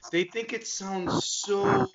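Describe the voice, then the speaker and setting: A man's voice: very high voice, very animated, slow, creaky, slight background noise. A man from the United States chatting casually as a co-host, explaining with examples and often checking in with "right?". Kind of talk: casual conversation. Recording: dull lo-fi sound.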